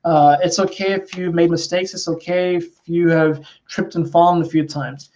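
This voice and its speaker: A man's voice: a little high, fairly even intonation, normal speed, hardly any pauses, a little mellow, a little hiss or hum. A man giving a casual, rambling astrology and tarot reading, full of fillers and repeated phrases. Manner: rambling, conversational, many fillers and repetitions. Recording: dull lo-fi sound.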